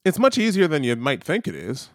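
A man's voice: a little high, huge pitch swings, a little fast, dry recording, studio quality. A middle-aged man, an interview guest, talking casually and thinking aloud with restarts. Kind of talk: casual conversation.

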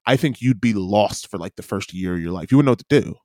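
A man's voice: fairly low pitch, animated, fast, a little mellow, no echo, studio quality. A man co-hosting a podcast, chatting casually and teasing, laughing often. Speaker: podcast co-host. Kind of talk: casual chat. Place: lives in Wellington.

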